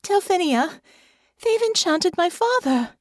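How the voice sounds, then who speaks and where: A woman voicing Honor, a frightened, earnest young noblewoman, in a high, trembling, pleading voice in an audiobook. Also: big pitch swings, unhurried, no echo, studio quality. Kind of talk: audiobook character voice.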